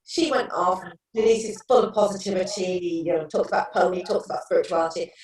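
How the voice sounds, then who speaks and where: A woman's voice: lowish voice, brisk, darkish tone. A middle-aged woman, a therapist telling stories earnestly in a casual interview, with many restarts. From England. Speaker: guest therapist. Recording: echoey room, distant mic.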